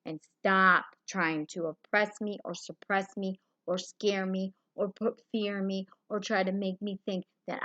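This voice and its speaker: Bright-voiced woman ranting in fury. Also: medium pitch. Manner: furious, heavy swearing; loose, rambling delivery. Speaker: live streamer. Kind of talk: angry live-stream rant.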